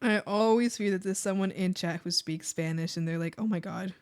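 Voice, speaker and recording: A woman streaming live, chatting casually with her viewers while she draws. She talks in a rambling way, full of fillers, self-deprecating and quick to get excited. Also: on the low side, smooth. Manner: excitable, bursts into giggles.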